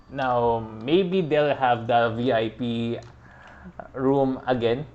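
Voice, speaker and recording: Laid-back gamer host, slow-talking and animated, chuckles a lot. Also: male voice, medium pitch, lo-fi sound. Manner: relaxed, chatty, laughs often. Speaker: gaming podcast host. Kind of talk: casual game play-through commentary.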